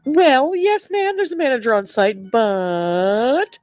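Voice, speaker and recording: A nervous drive-through worker in a cartoon parody stammers out over-polite replies, played by a woman. The voice is high and dry, with careful, hesitant pauses. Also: lively intonation, a little mellow, no room sound, soft background music. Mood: apologetic. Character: flustered polite fast-food employee.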